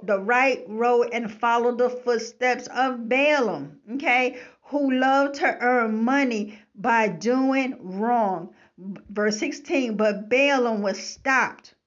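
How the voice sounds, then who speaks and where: Woman Bible teacher, unhurried, emphatic, keeps asking "okay?", muffled low-fi sound. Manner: emphatic, repeats "okay?" to the listener. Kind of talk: preaching commentary on scripture. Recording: slightly dull lo-fi recording.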